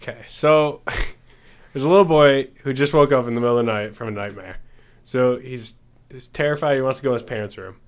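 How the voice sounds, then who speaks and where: A man's voice: medium pitch, a little fast, smooth. A young man co-hosting a podcast, telling jokes in casual chat and laughing as he goes. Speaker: podcast co-host.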